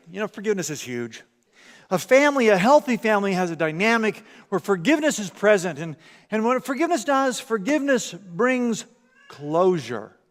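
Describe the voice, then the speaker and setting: A man preaching a sermon in a church, animated, acting out everyday scenes and often repeating words. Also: high-pitched, big-room sound. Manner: animated, acts out parent and commercial voices, repeats words. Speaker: pastor. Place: church sanctuary.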